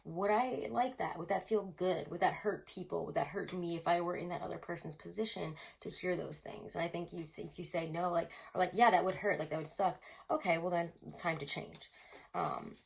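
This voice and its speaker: A woman's voice: on the low side, fairly even intonation, normal speed, gravelly. A woman giving a casual tarot reading to camera, chatty and rambling, full of fillers, often laughing. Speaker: tarot reader.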